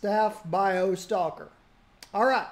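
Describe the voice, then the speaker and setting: A man casually reminiscing about old games while he plays, musing aloud in a relaxed way. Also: high voice, slow. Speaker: gaming streamer. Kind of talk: casual commentary while playing.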